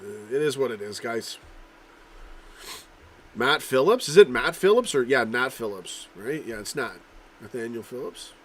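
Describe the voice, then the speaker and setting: A man hosting a casual live-stream football chat, rambling and swearing, reading out viewers' comments while he keeps coughing and clearing his throat. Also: medium pitch, lively intonation, a little slow, pauses often, fairly bright tone, slight background noise. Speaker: livestream host.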